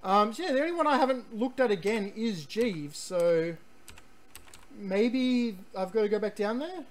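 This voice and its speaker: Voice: medium pitch, lively intonation, unhurried. A game streamer giving rambling, chatty let's-play commentary, full of ums and restarts, sometimes reading on-screen text aloud.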